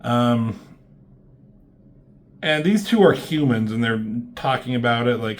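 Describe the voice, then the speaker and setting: A man's voice: mid-range voice, lively intonation, takes it slowly, pauses often. A man giving a casual, rambling comic book review, swearing often and filling gaps with "um" and "like". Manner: rambling, profane, many fillers. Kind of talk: casual commentary.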